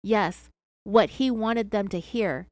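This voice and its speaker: A woman's voice: mid-range voice, slow pace, a little mellow, no room sound, studio quality, lightly acted. A woman voicing a defensive female suspect who protests her honesty under questioning.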